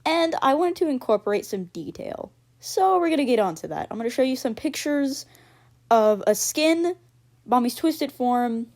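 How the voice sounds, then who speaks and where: A woman's voice: on the high side, darkish tone. Casual female video creator, rambly and offhand, unpolished. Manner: offhand and dismissive, drifting tangents.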